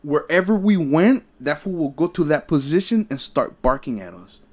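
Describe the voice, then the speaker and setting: A man's voice: on the high side, animated, normal speed. Profane, rambling young man. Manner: profane, rambling, stammers and restarts. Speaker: podcast host. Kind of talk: casual storytelling chat.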